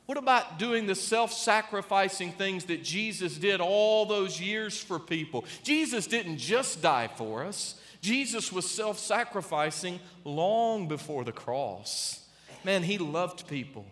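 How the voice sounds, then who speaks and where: High-voiced, emphatic male preacher in a hall. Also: lively intonation. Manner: emphatic, with dramatic pauses and swings in loudness. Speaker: pastor. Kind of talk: sermon. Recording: long reverb of a large hall.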